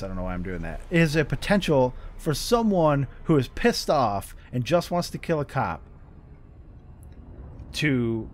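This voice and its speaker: An American man talks off the cuff over a game, rambling and frustrated, cursing freely and restarting his sentences. His voice sits at an everyday middle pitch, and a faint hiss of background noise runs under it. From United States. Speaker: gaming channel host. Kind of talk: off-the-cuff commentary over gameplay.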